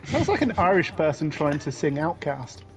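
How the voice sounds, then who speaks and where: A man laughing and trading quick quips on a card game stream. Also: fairly high pitch, big pitch swings, music in the background. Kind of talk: casual gaming chat.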